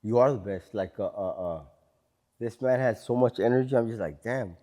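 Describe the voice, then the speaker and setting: Laid-back podcast host with a mellow voice. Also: male voice, fairly low pitch, normal speed, in a large hall. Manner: enthusiastic, casual slang. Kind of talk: casual podcast conversation.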